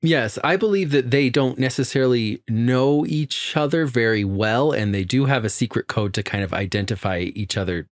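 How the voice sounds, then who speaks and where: A man's voice: lowish voice, no echo, clean studio sound. A man co-hosting a film podcast, explaining a theory in casual chat and laughing often. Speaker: podcast co-host.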